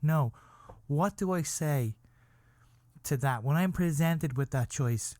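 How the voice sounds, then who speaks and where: A man's voice: fairly high pitch, darkish tone, no room sound. A man hosting a podcast, telling a comedic story in a rambling, repetitive way and checking in with his listener again and again. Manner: rambling, keeps checking in with "okay?"; repetitive restarts, builds up slowly. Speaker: podcast host.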